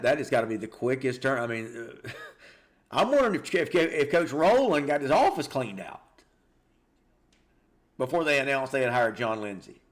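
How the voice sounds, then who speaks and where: A man hosting a live high school football show, reading scores and viewer comments in a casual, animated way. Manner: chatty and animated, reacting aloud with stunned exclamations and repeated words.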